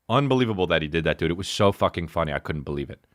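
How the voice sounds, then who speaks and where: A man and podcast host telling a funny story with lots of swearing, acting out the people in it. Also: low-pitched. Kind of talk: comic storytelling.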